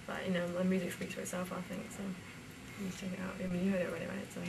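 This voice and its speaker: A woman's voice: lowish voice, completely flat delivery, very fast, vocal fry. A young woman from the UK with a British accent, a rapper chatting casually in an interview, full of fillers and easy laughs. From United Kingdom. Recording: distant mic, faint ambient noise.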